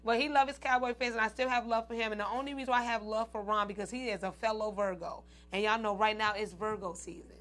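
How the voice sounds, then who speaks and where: A woman's voice: fairly high pitch, steady tone, quick pace, few pauses, fairly bright tone. A woman hosting her own show, chatting casually to her viewers, addressing them as "y'all" and "ladies" and laughing often. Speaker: show host.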